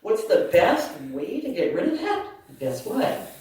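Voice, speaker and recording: A woman's voice: fairly high pitch, a little slow, far from the mic. Laughter yoga leader: woman, playful, laughs often, voice carries through a very echoey hall from some way off the mic. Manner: lively and laughing, playful asides. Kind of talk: talk to a group. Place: community hall.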